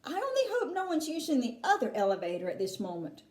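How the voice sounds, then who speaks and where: A bouncy, eccentric candy-maker, read out by a woman who hurries everyone along with a teasing, theatrical flair. His voice leaps high and low in a roomy, echoing space. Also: wildly swooping pitch, quick pace, a little mellow. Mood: brisk. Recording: roomy echo.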